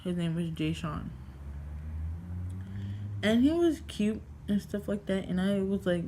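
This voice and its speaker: A young woman tells a storytime vlog into her camera at home, rambling and loose, packing her talk with fillers and the odd curse. Her pitch sits mid-range, and a faint hiss with some room ambience hangs behind her. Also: expressive, a little slow, long pauses, warm tone. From New York. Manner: rambling, heavy filler words, swearing. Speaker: vlogger.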